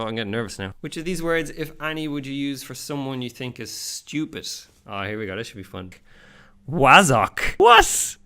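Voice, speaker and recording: A young man with an Irish accent chatting casually and reacting to a quiz, self-mocking and animated. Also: medium pitch, clear, resonant tone. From Ireland. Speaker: YouTuber. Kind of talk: casual vlog commentary.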